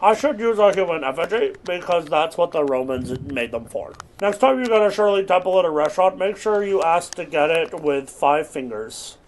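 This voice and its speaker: A young man giving rambling, absurd deadpan commentary while playing a video game. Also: fairly high pitch, moderate pace, few pauses, a little hiss or hum. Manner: rambling deadpan non-sequitur jokes. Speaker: gaming streamer. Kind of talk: absurd comedic gameplay commentary.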